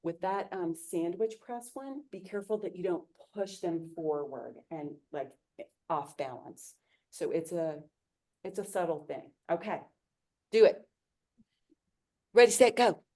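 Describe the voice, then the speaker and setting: Mellow-voiced woman directing a yoga class. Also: lowish voice, lively intonation, measured pace. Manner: brief, practical instructions. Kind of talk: giving practice directions to a class.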